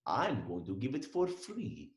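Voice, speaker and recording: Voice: mid-range voice, wildly swooping pitch, unhurried, pitched below the performer's own voice. A storyteller putting on a gloating, scheming villain. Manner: gloating, plotting. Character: scheming villainous man baking poison bread. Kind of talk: children's storytelling. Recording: roomy echo.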